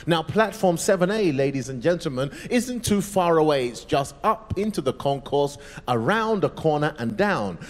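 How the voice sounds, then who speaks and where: A male pastor telling a story in a sermon, dramatic and vivid, dropping to a hush at moments. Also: on the high side, animated, normal speed, few pauses. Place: large church. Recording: echoey church hall.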